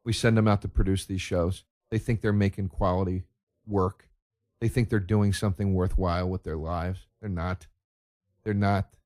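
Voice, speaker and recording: A man voicing a contemptuous TV executive who sneers in a low, profane tone. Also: steady tone, moderate pace, darkish tone, no echo, clean studio sound, close to an everyday voice. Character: sneering male TV executive in a suit.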